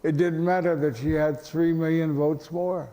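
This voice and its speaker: An older man, a veteran actor answering questions at an event, halting with many fillers and dry deadpan jokes. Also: fairly high pitch. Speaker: interview guest, veteran actor. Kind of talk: relaxed panel conversation. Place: event hall with audience. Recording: echoey hall.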